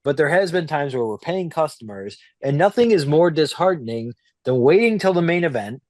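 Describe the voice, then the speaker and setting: A man's voice: fairly high pitch, lively intonation, moderate pace, a little mellow, no echo. A man co-hosting a podcast, speaking earnestly in casual chat and restarting his sentences often. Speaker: podcast co-host.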